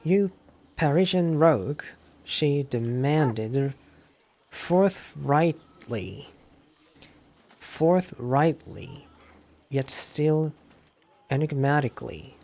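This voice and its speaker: A man, a Japanese native speaker, streaming a game and slowly reading English lines aloud, repeating words and looking them up. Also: mid-range voice, lively intonation, vocal fry, darkish tone.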